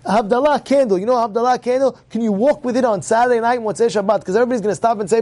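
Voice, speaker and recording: High-voiced, emphatic rabbi teaching. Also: male voice, expressive, very fast, few pauses, a little mellow. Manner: emphatic, repeats himself, asks rhetorical questions. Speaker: rabbi teaching his congregation. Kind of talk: religious class lecture.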